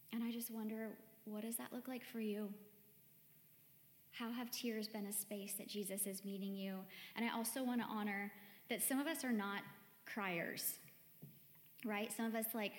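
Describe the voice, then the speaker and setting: Woman preaching in an echoey hall. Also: mid-range voice. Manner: chatty, warm-hearted, peppered with "like". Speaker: church speaker. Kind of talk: conversational sermon. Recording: echoey hall with long reverb, faint music.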